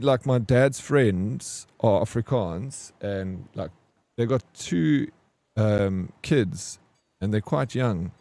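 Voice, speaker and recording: Low-voiced man with a South African accent. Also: dark tone, no room sound. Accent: English South African. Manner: rambling, chatty, restarts sentences often. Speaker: streamer. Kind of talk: casual gaming stream chat.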